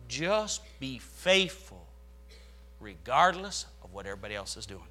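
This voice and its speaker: A male pastor preaching a sermon, reading scripture aloud and swelling dramatically in loudness as he drives his points home. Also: mid-range voice, sing-song, measured pace.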